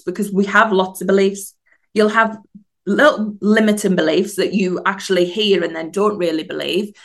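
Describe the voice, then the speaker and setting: A woman's voice: medium pitch, a bit bright. A woman, a mindset coach, hosting a solo motivational podcast and asking earnest, encouraging questions.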